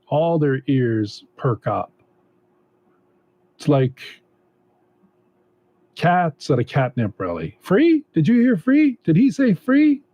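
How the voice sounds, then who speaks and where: A man doing a stand-up comedy routine with a deadpan, unhurried delivery and hesitant fillers, on a dull lo-fi recording. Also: mid-range voice, breathy edge.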